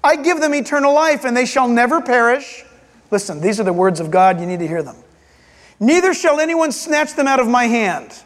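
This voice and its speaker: High-voiced preacher in a reverberant hall. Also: male voice, normal speed. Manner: animated, acts out voices and jokes. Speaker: pastor. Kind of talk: sermon. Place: church hall.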